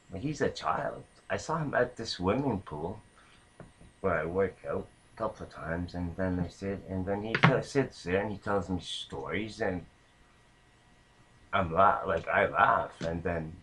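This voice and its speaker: A man's voice: low voice, a bit bright, husky, low-quality recording. A man casually telling a long anecdote, rambling with many fillers and restarts. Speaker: storyteller.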